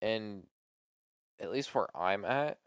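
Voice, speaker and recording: Low, dry-voiced young man chatting loosely. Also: expressive, slow, smooth, no echo. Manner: loose, swears often, trailing filler words. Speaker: podcast co-host. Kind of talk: casual chat.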